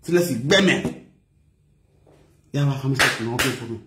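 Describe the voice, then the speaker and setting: A man's mid-range voice comes through fairly quickly over very heavy noise in an echoey room. He's chatting playfully on a livestream in a sing-song manner, switching languages, chanting, singing and laughing a lot.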